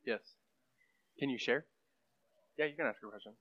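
In a muffled, lo-fi room recording, a young man teaches a class on prophecy. Speaking at a medium pitch and moderate pace, he rambles casually like a preacher, with plenty of fillers and side comments to the room.

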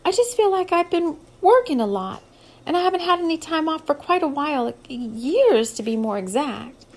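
A woman's voice: high voice, lively intonation, fast, a little mellow, voice pushed up. A woman reading an audiobook, voicing a nervous young woman who stammers and then gathers momentum. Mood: nervous, earnest. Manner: hesitant, stammers then speeds up.

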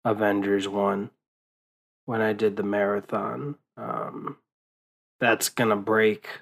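A man's voice: lowish voice, a bit bright, rough recording. A young man rambling in a casual late-night monologue, worn out and swearing often, with many fillers and restarts. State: exhausted. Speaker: vlogger.

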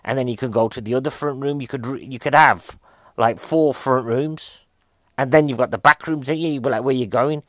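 A stand-up comedian talks through a rambling comic monologue. He keeps putting questions to his listeners and drifts off into tangents. His voice sits at an ordinary middle pitch, recorded dry and close with no room sound. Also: a little fast, dry recording. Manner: chatty, asks the audience questions, goes off on tangents. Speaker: stand-up comedian reviewing a film.

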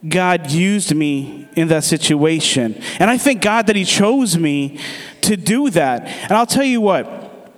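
A man from the States giving a sermon testimony, telling his story with animation and acting out the dialogue. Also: high-pitched. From United States. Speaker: church speaker giving testimony. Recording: long reverb of a large hall.

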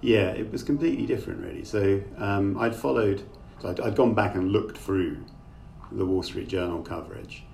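Man, middle-aged, author guest, very low voice, thoughtful and rambling, distant call mic. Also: normal speed, vocal fry, a little mellow. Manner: thoughtful, rambling, with many fillers. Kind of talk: conversational interview over a video call. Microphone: remote call microphone. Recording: distant mic with faint noise.

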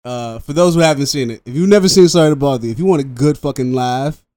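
A man's voice: mid-range voice, fast talker, no echo. A man co-hosting a casual podcast chat, telling stories with lots of animation and casual swearing. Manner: animated storyteller, swears freely.

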